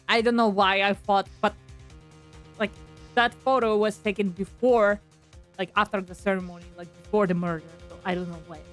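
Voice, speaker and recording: A woman's voice: medium pitch, fairly bright tone. A young woman streamer chatting casually through a game, rambling with lots of fillers. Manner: rambling, lots of "like" and self-talk. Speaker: VTuber streamer. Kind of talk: casual gameplay commentary.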